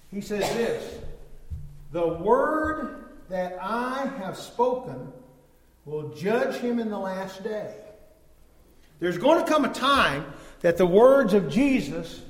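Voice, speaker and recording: A man preaching a sermon, emphatic, swinging from loud stressed words to low, drawn-out phrases. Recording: echoey hall.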